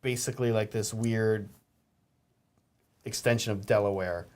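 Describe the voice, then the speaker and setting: A man's voice: on the low side, fairly even intonation, a little slow, a little mellow. Hesitant male host, casual chat, many fillers and restarts.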